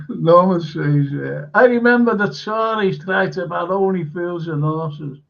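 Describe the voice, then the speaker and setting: A man's voice: high-pitched, slow, gravelly. A man hosting a live stream, reading viewer comments aloud and chatting casually with fillers. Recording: dull lo-fi stream audio.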